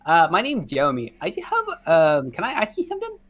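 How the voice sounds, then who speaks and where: A man's voice: fairly high pitch, huge pitch swings, brisk, a bit bright, voice pushed up, full character voice. A man voicing a childish, earnest little male adventurer who talks in an eager, lisping way.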